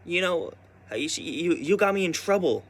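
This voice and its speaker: A man's voice: high voice, expressive, moderate pace, pitched above the performer's own voice. A man doing a whiny frightened old grandma. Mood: whining. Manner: whining, pleading.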